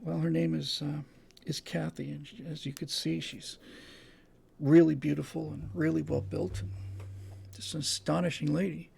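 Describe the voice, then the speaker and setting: A man voicing a matter-of-fact male doctor in a hushed joke-telling delivery. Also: a little high, little pitch movement, normal speed, creaky, husky, heavily acted. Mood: grave.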